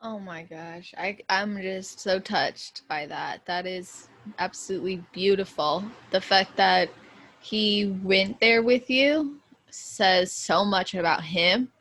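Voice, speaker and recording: A woman's voice: medium pitch, slow, fairly bright tone, slight background noise. A woman hosting a podcast interview, effusive and affirming, talking casually with lots of fillers. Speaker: podcast host.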